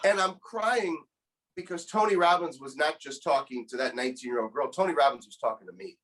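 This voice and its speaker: On a rough recording, a thirty-something man, a guest who is a motivational speaker and coach, relates a personal story in a conversational way. He has a fairly high pitch and a fairly bright tone. He sounds earnest and emotional and often repeats words as he starts into a thought.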